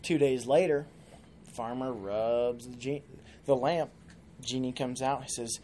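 A man as a podcast guest, telling a long joke in an animated, casual way. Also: mid-range voice, measured pace, a little hiss or hum. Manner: animated storyteller.

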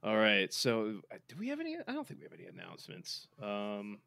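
A man's voice: on the low side, wildly swooping pitch, brisk, creaky, bright, forceful tone, dry recording. A man co-hosting a podcast in casual sports chat, rambling with lots of fillers and restarts. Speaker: podcast co-host.

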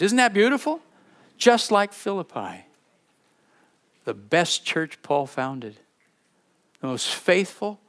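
A man's voice: on the high side, fairly bright tone. Earnest male pastor preaching a sermon. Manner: earnest, fervent, slowing to read scripture aloud. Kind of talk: sermon with closing prayer and benediction.

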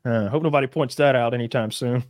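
A man talking loosely and at length, sliding sarcastic jokes into his rambling. His voice sits at an ordinary middle pitch and is recorded close and dry, with no room sound. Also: fast talker, darkish tone, dry recording. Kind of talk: casual chat.

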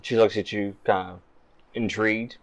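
A man narrating a tabletop game as game master, relaxed and quick to laugh. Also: fairly low pitch, dull audio.

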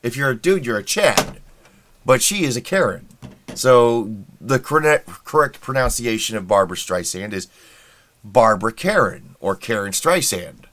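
A man's voice: medium pitch, animated, measured pace, a bit bright. A middle-aged man hosting a podcast, delivering a casual, sarcastic, rambling opinion monologue with wry asides. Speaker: podcast host.

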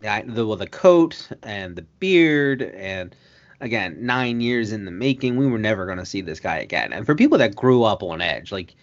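A man's voice: fairly low pitch, big pitch swings, moderate pace. Laid-back man co-host, lo-fi. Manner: laid-back, short agreeing replies, builds up to enthusiastic runs. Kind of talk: casual wrestling chat.

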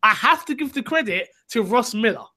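A chatty male podcast host with a noticeably high voice, talking casually about gaming with his co-host. He sounds upbeat and laughs easily, and he reads listener mail aloud. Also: lively intonation, a little fast, bright, forceful tone. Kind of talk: casual chat, reading listener emails.

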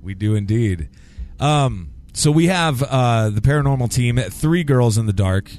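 A man's voice: mid-range voice, lively intonation, unhurried, darkish tone. Profane joking male podcast host. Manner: joking, profane, laughs easily. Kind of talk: casual podcast chat.

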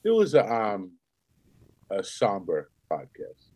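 A man's voice: on the low side, wildly swooping pitch, slow pace, dark tone. A man co-hosting a podcast, joking around in casual banter and swearing freely. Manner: profane, joking, laughs often. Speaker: podcast co-host.

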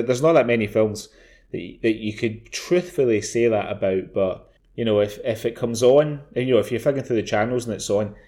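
A man's voice: lowish voice, darkish tone. A man co-hosting a podcast, chatting casually, swearing freely and repeating words as he starts his sentences. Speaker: podcast co-host. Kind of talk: casual chat.

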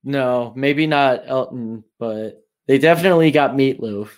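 A man's voice: medium pitch, measured pace, clean tone. A man co-hosting a casual podcast, chiming in with easygoing agreement and reading out trivia. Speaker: podcast co-host.

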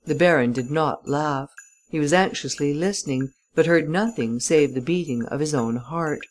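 A woman narrating a classic story as an audiobook reader, in a measured, even manner. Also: sits low, rough recording. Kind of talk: scripted narration of a classic novel.

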